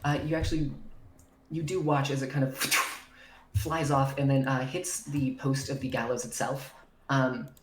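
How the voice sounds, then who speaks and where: A woman's voice: rumbling low, flat delivery, unhurried, noisy background. A woman narrating as dungeon master in casual chat, swearing freely and using many fillers. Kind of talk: narrating a tabletop game. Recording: roomy echo with faint music.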